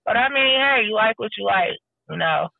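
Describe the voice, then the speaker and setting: A woman telling stories in a casual chat, animated and acting out what people said. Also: mid-range voice, moderate pace, creaky, no room sound. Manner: animated storytelling, acting out quotes. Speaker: podcast guest. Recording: tinny phone line, dry.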